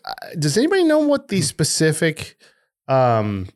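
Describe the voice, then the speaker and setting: A man's voice: on the high side, wildly swooping pitch, normal speed. A man hosting a casual podcast, profane and jokey with his co-hosts. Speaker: podcast host.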